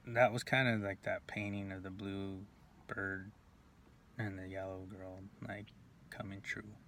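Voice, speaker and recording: Man recounting his past, low and monotone, halting delivery, faint hiss. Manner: halting, full of fillers and restarts, drops to near whispers. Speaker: video blogger. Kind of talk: rambling personal storytelling.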